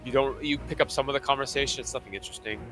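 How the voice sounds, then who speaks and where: Bright-voiced man running a tabletop game. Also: medium pitch, fairly even intonation, racing, faint music behind. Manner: loose and rambling, full of fillers. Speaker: game master.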